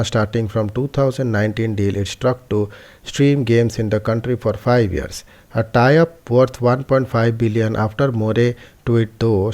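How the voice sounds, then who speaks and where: A man reads a news explainer in a steady, measured way, now and then slipping and correcting himself. His voice sits at a middle pitch with a mellow, soft-edged tone. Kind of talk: scripted news narration.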